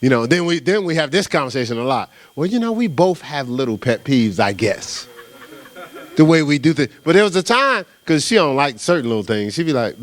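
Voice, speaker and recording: Animated middle-aged male pastor. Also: a little high, brisk. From New Jersey. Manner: animated storytelling, casual and conversational, with repeated "right?". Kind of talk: sermon.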